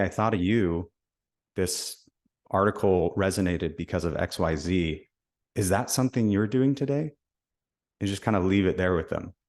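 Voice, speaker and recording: Low-voiced male podcast host, casual sales coaching, acts out call scripts. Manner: conversational, acts out sales calls.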